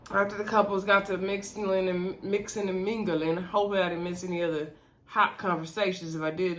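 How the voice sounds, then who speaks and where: A woman recapping a reality show episode in a chatty, sassy way, talking straight to her viewers and laughing between remarks. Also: mid-range voice. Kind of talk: casual episode recap commentary.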